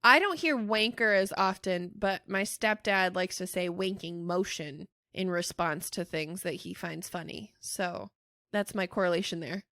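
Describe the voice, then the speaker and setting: A woman co-hosting a podcast in casual chat, animated and swearing freely, with loud laughs. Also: fairly low pitch, measured pace, dry recording, clean studio sound. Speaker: podcast co-host.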